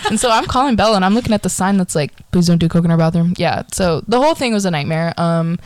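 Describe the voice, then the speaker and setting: A young woman co-hosting a podcast, telling a dating story in casual chat, animated and laughing, swearing freely. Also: on the low side, fast, a little hiss or hum. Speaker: podcast co-host.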